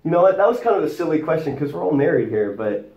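A man hosting a casual group chat, jokey and animated, laughing often. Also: a little high, fast, gravelly. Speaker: host. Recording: echoey room.

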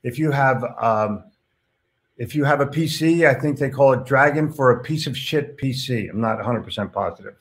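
A male host with a voice of ordinary pitch, chatting casually on a live stream. He reads viewer comments aloud and reacts bluntly, dropping in the odd swear word. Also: moderate pace.

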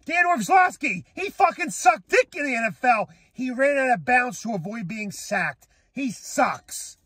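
A young man ranting angrily as a sports fan, swearing and shouting at critics. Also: very high voice, animated, a little slow, breathy edge, dry recording. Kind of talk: profane rant to camera.

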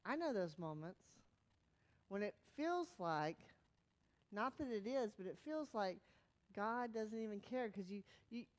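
A woman pastor giving a sermon in a conversational, animated way, sometimes dropping to a hushed, soft tone. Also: medium pitch, unhurried.

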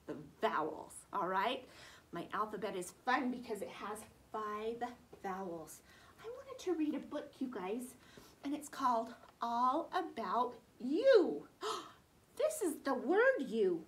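A woman's voice: fairly high pitch, fairly bright tone. A woman teaching preschoolers in a sing-song, exaggerated voice made for small children. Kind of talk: teaching preschoolers over video.

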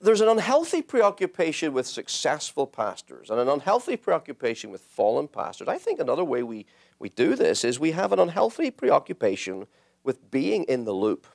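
A man's voice: a little high, wildly swooping pitch, normal speed, vocal fry, darkish tone. A man preaching a sermon, emphatic and building to impassioned peaks.

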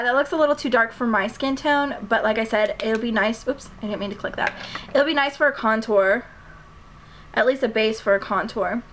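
A woman's voice: fairly high pitch, fairly bright tone, slight background noise. A woman vlogger chatting casually and gushing as she unboxes a package of makeup, a little out of breath. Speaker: beauty vlogger. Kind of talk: casual haul unboxing chat.

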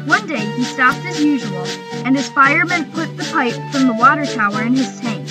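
A woman narrating a children's railway story in a gentle, measured reading voice. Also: sits high, lively intonation, rough recording. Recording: music bed behind the voice. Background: background music.

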